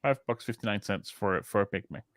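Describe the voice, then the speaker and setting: A man's voice: on the low side, brisk, dry recording. A man with a Danish accent, a podcast co-host chatting casually in a rambling, chatty way with casual swearing. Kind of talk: casual chat.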